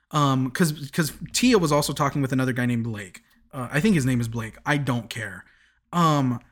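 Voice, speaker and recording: A man's voice: on the high side, a bit bright. A young man hosting a podcast, rambling through a casual recap with lots of chuckles, restarts and asides. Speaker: podcast host.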